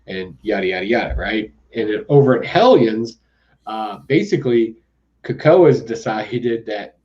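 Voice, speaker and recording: A man's voice: mid-range voice, animated, unhurried, dark tone. Man, comic podcast host, rambling, laughing, sarcastic, slightly dull lo-fi sound. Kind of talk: casual comic review chat.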